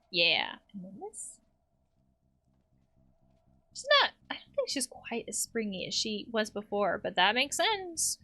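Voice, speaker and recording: A woman's voice: mid-range voice, bright, forceful tone. A woman playing a game, reading the characters' lines aloud and adding her own comments. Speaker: let's play host.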